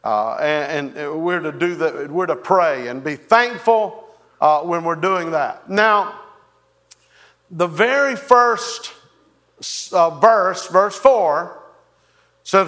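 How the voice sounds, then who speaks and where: A man preaching a sermon as pastor, halting and folksy, with many fillers and repeated words. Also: sits high, bright, forceful tone. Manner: folksy, leads the congregation in song.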